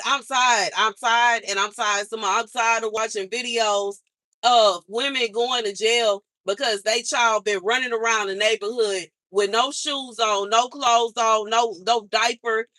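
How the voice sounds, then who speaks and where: A woman's voice: a little high, steady tone, measured pace, pushed and bright, no echo. A woman livestreaming, venting in an exasperated, slangy way and repeating herself as she complains. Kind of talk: casual livestream rant.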